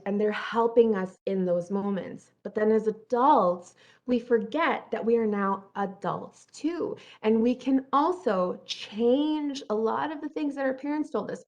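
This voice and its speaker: A woman speaking at a mid pitch in an earnest, encouraging motivational talk, often checking in with a quick "right?" Now and then she jumps up in pitch to act out her inner thoughts. The recording sounds muffled and lo-fi. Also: darkish tone.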